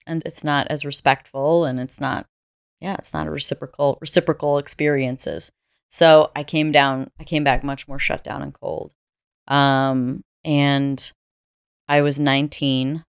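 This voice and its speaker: A woman from the United States talks as an interview guest, recounting her experiences in a candid, reflective way. Her voice is low and smooth, and it sounds dry and close with no room echo. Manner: reflective, candid, laughs easily. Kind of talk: conversational storytelling.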